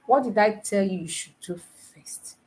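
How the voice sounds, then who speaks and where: A woman tutoring nurses in a live online lesson, teasing her students and quizzing them with repeated questions, counting aloud slowly. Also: medium pitch, darkish tone. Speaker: nursing exam tutor.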